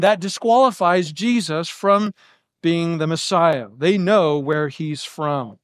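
Male Bible teacher, high voice, explanatory and methodical, dry close recording. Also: no room sound. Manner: explanatory, lays out options step by step.

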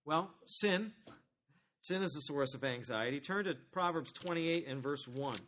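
Animated preaching man, slightly high voice. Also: measured pace, a little hiss or hum. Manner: conversational, animated preaching with questions to the congregation. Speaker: pastor. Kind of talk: sermon.

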